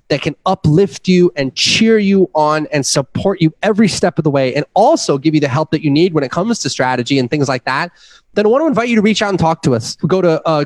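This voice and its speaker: A man co-hosting a business podcast, talking in an earnest, motivational way and pitching listeners to book a call. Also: dry recording. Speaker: podcast co-host. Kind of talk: casual business podcast talk.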